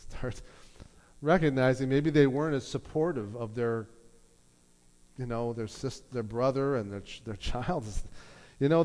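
A middle-aged man preaching a sermon to a congregation, telling a story and acting out the people in it. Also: medium pitch. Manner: storytelling with lively quoted voices. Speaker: pastor. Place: church hall. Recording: long hall reverb.

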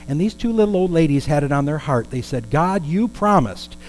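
A man's voice: a little high, animated, fast, dark tone, a little hiss or hum, rough recording. Man preaching a storytelling sermon. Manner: conversational, with asides and questions to the congregation.

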